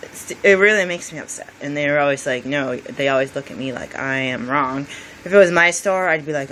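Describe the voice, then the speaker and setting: A woman's voice: deep voice, brisk, fairly bright tone, slight background noise, poor audio. A woman in her thirties, a medical student, talking in a rambling personal vlog, venting and acting out quoted exchanges.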